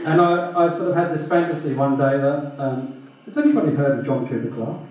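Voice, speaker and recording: Man, comic performance poet, rhythmic wry recitation, somewhat high voice, very echoey pub room, distant and dull sound. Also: expressive, a little fast, a little mellow. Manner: rhythmic rhyming recitation, wry and self-mocking. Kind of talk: comic spoken word performance. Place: pub stage before a live audience.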